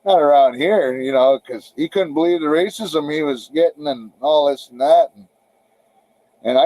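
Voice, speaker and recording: A man's voice: fairly high pitch, darkish tone, dry recording, low-quality recording. Profane rambling middle-aged man. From Canada. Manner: rambling, profane, frequent restarts. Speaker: podcast guest, musician. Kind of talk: casual storytelling interview.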